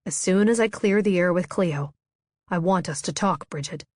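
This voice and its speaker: A tender young man in a romance audiobook speaks softly and earnestly, voiced by a woman narrator. The voice is lowish and close, with a dry sound. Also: moderate pace, no room sound, natural voice.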